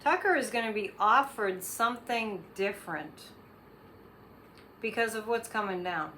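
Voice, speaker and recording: Bright-voiced woman giving psychic readings. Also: medium pitch, lively intonation, measured pace, slight background noise. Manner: rambling, with frequent fillers and restarts. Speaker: psychic host.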